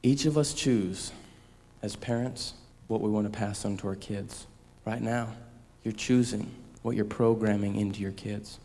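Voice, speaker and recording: A young man in his twenties speaks in a low, flat voice. He gives an earnest, subdued personal testimony. His words ring out with a long, hall-like reverb. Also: unhurried. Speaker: son telling his story.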